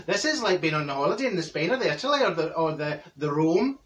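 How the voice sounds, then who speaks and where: A comedy character vlogger, a man, plays a chatty middle-aged Glaswegian woman with a Glaswegian Scottish accent, rambling through gossip full of asides and restarts in a comic monologue. His voice is on the high side, sing-song, fast and fairly bright. He sits far from the mic.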